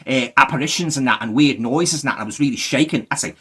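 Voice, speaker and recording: A man's voice: mid-range voice, fast talker, fairly bright tone, breathy edge. A man with a Liverpool accent giving a rambling, exasperated spoken movie review, full of fillers.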